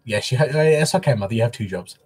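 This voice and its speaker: Expressive and fast, a man with a medium-pitched, husky, slightly mellow voice hosts a casual craft livestream at home in his living room. He chats with viewers openly and emotionally, in a soppy tone.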